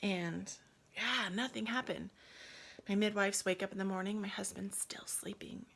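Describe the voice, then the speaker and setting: Woman vlogger, intimate storytelling, emotional, slips into soft near-whispers, mid pitch. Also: steady tone, normal speed, husky. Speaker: yoga vlogger telling her birth story. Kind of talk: casual personal storytelling.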